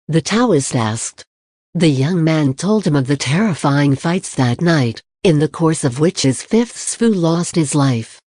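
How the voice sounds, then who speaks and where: An even, unhurried audiobook narrator. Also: medium pitch, dry recording, clean studio sound. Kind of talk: audiobook reading of a martial arts novel.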